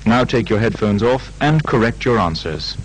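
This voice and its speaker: A man's voice: fairly low pitch, animated, moderate pace, a little hiss or hum, low-quality recording. Man, instructor, scripted drill reading, carefully enunciated, swooping intonation. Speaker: language lab instructor.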